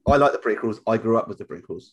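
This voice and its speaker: A man's voice: on the low side, expressive, rapid-fire, muffled recording. A man from southern England, co-hosting a casual podcast chat, jokey and prone to restarting his sentences. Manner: chatty, jokey, repeats himself when restarting. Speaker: podcast co-host.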